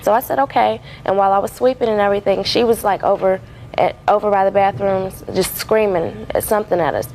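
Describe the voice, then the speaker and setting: A woman testifying as a defendant in a courtroom. She rambles through her account, padding it with fillers and restarts, and her voice sits at an ordinary pitch over faint room noise. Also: fairly quick, darkish tone, low-quality recording.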